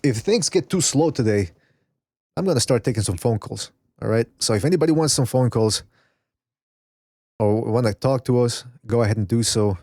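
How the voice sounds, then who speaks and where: A man's voice: on the low side, darkish tone, no echo, clean studio sound. A man hosting a casual boxing podcast, rambling, swearing and reading chat messages aloud. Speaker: podcast host. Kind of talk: casual live-stream chat.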